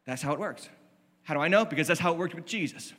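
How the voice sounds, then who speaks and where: A man's voice: fairly high pitch, expressive, fast, a bit bright. A male lead pastor preaching a sermon from a church stage, impassioned and emphatic, with lots of repetition. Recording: long reverb of a large hall.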